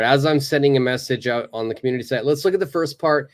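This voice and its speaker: Man, English teacher running a live online class from his computer, upbeat and encouraging, drills phrases slowly. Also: medium pitch.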